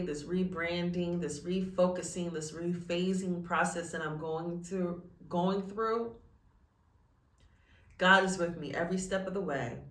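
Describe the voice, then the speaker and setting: A woman's voice: lowish voice, a bit bright, distant mic. A woman speaking in an earnest, heartfelt vlog, her voice near to breaking with tears as she talks about faith. She sits a little way from the microphone, and her voice rings in a roomy, echoing space. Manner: tearful, earnest and faith-filled. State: close to tears. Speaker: vlogger. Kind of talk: emotional personal vlog.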